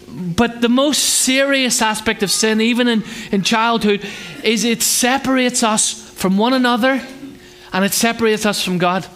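High-voiced man preaching a sermon. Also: a bit bright. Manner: conversational, humorous, asks the congregation rhetorical questions; acts out children's voices in a higher pitch. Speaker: pastor.

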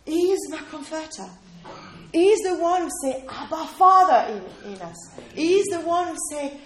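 High-voiced woman preaching in a roomy space. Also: expressive, normal speed, a bit bright. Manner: conversational, keeps checking in with "okay?" and questions to listeners. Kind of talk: sermon. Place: room with a small responding audience.

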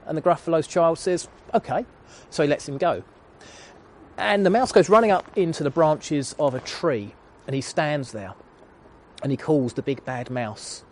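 A man's voice: a little high, a little slow, a little hiss or hum. A man in his thirties preaching a sermon, retelling a children's story in an earnest storytelling manner.

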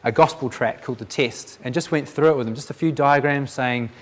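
A man's voice: mid-range voice, brisk. A man sharing a Christian testimony as a preacher, telling the story with animation, acting out the voices in it and often restarting his sentences.

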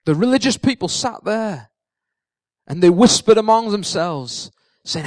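A man with a very high voice preaches a lively sermon and tells the story vividly, acting out what the characters say and repeating key lines for emphasis. The sound is dry and close, with no room echo. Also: a little slow. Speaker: pastor.

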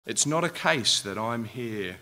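A man's voice: mid-range voice, lively intonation, measured pace, bright, forceful tone. A man preaching a sermon, asking his listeners rhetorical questions and growing impassioned.

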